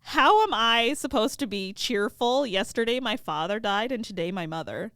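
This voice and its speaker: A woman's voice: fairly high pitch, lively intonation, moderate pace, fairly bright tone, no room sound, clean studio sound. Woman voicing a frightened young village girl. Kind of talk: casual podcast story retelling.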